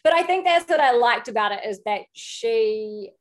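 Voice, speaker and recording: A woman in her thirties chats as an interview guest over a video call. Her voice sits a little high, and she rambles through anecdotes with frequent giggles. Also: lively intonation, normal speed. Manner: chatty, giggly, rambling storyteller. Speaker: guest, podcast co-host. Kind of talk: casual interview chat.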